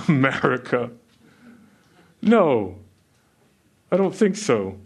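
A man's voice: expressive, slow, pauses often, a bit bright. A man preaching a sermon who keeps asking the listeners questions, with chuckles between points. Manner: asks the listeners questions, rises in pitch when stressing points. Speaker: pastor.

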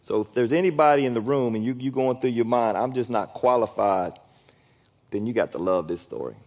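Animated, conversational male preacher. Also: quick pace. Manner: animated and conversational, acting out quotes with sudden loud high bursts. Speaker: pastor. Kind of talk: sermon.

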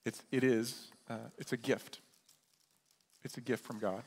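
A man's voice: mid-range voice, steady tone, unhurried, a little mellow. Guy preaching a sermon, chatty, keeps asking "right?", long church reverb. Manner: conversational preaching, often asks "right?". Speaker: pastor.

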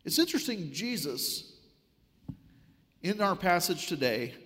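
A man preaching a sermon, telling a story with wry, animated delivery. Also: high-pitched, a little slow, long reverb tail.

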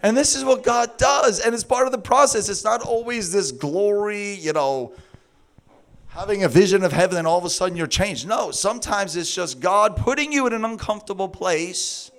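A man preaching a sermon through a funny personal story, laughing often and acting out his own words in a high sing-song voice. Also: expressive, normal speed, a bit bright.

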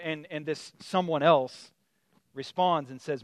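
Male preacher, high-pitched, animated conversational storytelling, dry close mic. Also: a little slow, dry recording. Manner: conversational, animated storytelling with many fillers and restarts. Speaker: pastor. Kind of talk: sermon.

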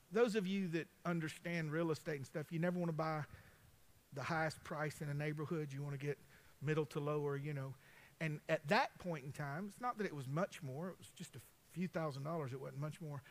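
A man, a pastor preaching a folksy, conversational sermon full of personal stories, talking straight to his congregation. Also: on the high side. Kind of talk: storytelling sermon.

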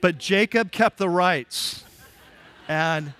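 A man's voice: a little high, moderate pace, fairly bright tone. A man preaching a casual, conversational sermon, retelling the story with jokes and acting out the characters' lines. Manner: conversational, jokey, acts out quoted lines. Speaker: pastor.

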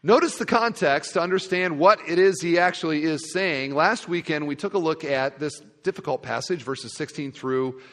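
A male pastor preaching a sermon to a congregation, expressive, dropping to quiet asides and rising to loud emphasis. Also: fairly high pitch, moderate pace, few pauses. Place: large church sanctuary. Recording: long reverb of a large hall.

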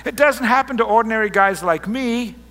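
A man voicing an ordinary young carpenter, baffled and indignant, exclaiming in loud disbelief. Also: very high voice, brisk, long reverb tail, pitched above the performer's own voice, exaggerated voice. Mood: incredulous.

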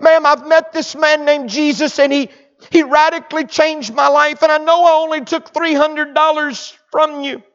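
A preacher putting on a pleading repentant thief. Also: male voice, very high voice, steady tone, normal speed, a bit bright, dull audio, voice pushed up. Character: remorseful repentant former thief, grown man.

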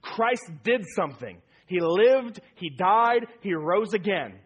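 A man's voice: sits high, very animated, slow, husky. A man preaching a sermon as pastor, emphatic and repeating key phrases for weight.

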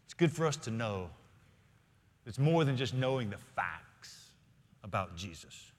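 A man's voice: medium pitch, big pitch swings. Earnest preacher man in a reverberant hall. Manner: earnest preaching, slows and drops to quiet emphasis. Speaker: senior pastor. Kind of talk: sermon. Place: church sanctuary. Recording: long reverb of a large hall.

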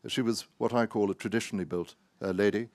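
Wry, low-voiced man telling anecdotes. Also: fairly even intonation, fast talker, darkish tone. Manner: wry and self-mocking, with many hesitant "uh"s. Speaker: author giving a talk. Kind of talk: anecdotal storytelling talk.

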